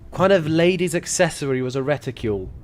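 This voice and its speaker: A young man commentating casually on a live game stream, jokey, excitable and swearing freely. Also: a little high, quick pace, faint music behind.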